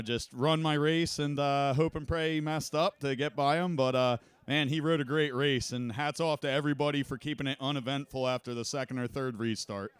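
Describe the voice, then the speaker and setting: A man who placed second in a race, talking it over in a relaxed, thoughtful way with many fillers. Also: medium pitch, clean tone, dry recording. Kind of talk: post-race interview.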